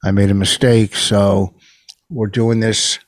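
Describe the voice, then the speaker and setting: A man's voice: lowish voice, little pitch movement, slow, no room sound. Defensive man bickering on a podcast. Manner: defensive, argumentative. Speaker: podcast co-host. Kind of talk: casual bickering chat. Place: home. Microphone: computer camera.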